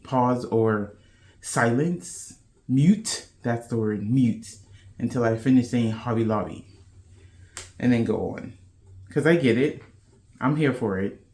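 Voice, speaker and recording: A woman's voice: very deep voice, warm tone. Chatty, playful woman podcast host. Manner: chatty, playful, loose slangy talk. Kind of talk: casual chat to camera.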